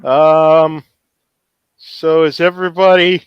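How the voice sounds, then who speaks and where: Man, player, joking, dry close sound, slightly high voice. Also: expressive, moderate pace, no room sound, lo-fi sound. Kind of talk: casual chat.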